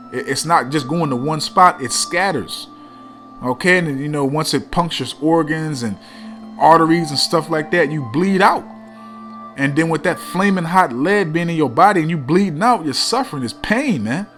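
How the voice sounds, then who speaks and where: A man's voice: a little high, a bit bright. A man preaching in a blunt, profane street style, reading scripture aloud and tagging lines with "man".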